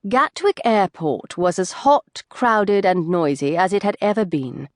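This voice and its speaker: A woman's voice: medium pitch, animated, measured pace, no room sound, studio quality. Woman narrating an audiobook. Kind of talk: scripted narration.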